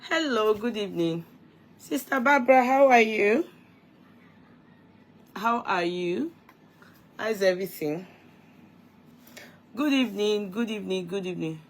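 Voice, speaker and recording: A woman's voice: medium pitch, a little hiss or hum. Chatty woman greeting her live viewers. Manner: chatty, laughs while stumbling over names. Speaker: livestream host greeting viewers. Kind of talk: casual live-stream chat.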